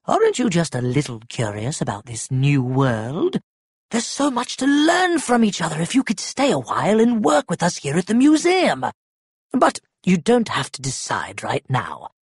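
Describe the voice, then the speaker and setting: A storybook reader voicing a kind, calm female scientist with a gentle, reassuring delivery. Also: mid-range voice, normal speed, breathy edge, no echo, clean studio sound, full character voice.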